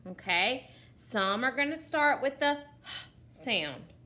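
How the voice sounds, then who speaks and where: A woman teaching a phonics lesson to young children, sounding out letters slowly and deliberately and praising often. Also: on the high side, lively intonation, sharp tone.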